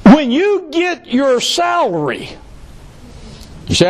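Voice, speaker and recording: A man's voice: high-pitched, very animated, slow pace, long pauses, darkish tone. A male pastor preaching a sermon, who repeats key phrases for emphasis and adds joking asides.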